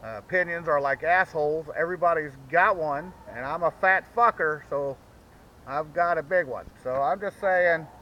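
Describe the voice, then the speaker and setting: A man's voice: fairly high pitch, normal speed, sharp tone. A man hosting a vlog, rambling through a profane, self-mocking comedic monologue. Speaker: vlog host. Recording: dull lo-fi recording with faint background noise.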